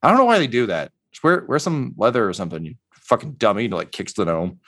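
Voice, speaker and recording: A man as game master narrating a tabletop game, casual and halting with many fillers. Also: on the low side, big pitch swings, a bit bright.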